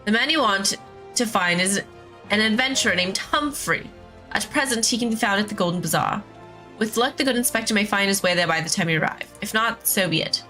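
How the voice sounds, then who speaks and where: A woman voicing a brisk, scornful young female reporter in a video game. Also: mid-range voice, bright, forceful tone, soft background music, close to an everyday voice.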